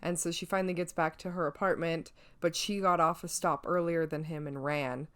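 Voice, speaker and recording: A woman co-hosting a podcast, retelling a film's plot in a chatty, lively way. Her voice is noticeably low for a woman, and she leans on "like" and "you know" as she goes. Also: brisk. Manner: chatty, lively storytelling with frequent "like". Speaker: podcast co-host. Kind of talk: casual movie review chat.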